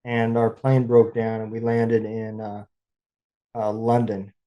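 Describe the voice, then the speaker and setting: A man hosting a casual interview chat, laid-back and quick to laugh along. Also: fairly low pitch, completely flat delivery, dark tone. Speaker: podcast host, veteran.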